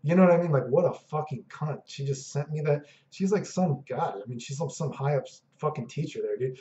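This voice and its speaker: Casual, profane male vlogger, thirties, mellow dark voice, dull echoey room recording. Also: a little high, quick pace, hardly any pauses. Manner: casual, profane, keeps saying "dude" and "you know what I mean". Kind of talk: rambling personal storytelling.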